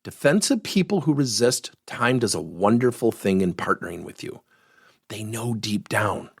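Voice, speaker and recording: A middle-aged man, a workplace coach, teaching through an animated story and acting out the voices of the people in it. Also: lowish voice, normal speed, gravelly, husky, no room sound, studio quality. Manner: animated, acts out the voices in his stories.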